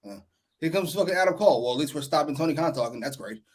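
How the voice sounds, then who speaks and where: High-voiced man ranting with profanity. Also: lively intonation, rapid-fire. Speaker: co-host.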